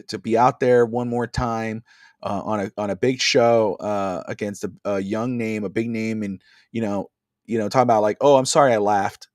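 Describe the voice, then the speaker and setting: A man's voice: mid-range voice, darkish tone, no room sound, studio quality. A man co-hosting a casual wrestling podcast over a video call, rambling with many fillers and restarts. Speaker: podcast co-host.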